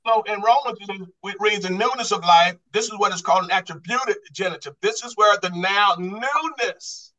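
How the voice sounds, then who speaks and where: High, bright-voiced Bible study teacher. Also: male voice, normal speed, hardly any pauses, low-quality recording. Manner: quizzing the class with repeated questions; restarts and repeats words when stressing a point. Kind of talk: Bible study lesson on Greek grammar.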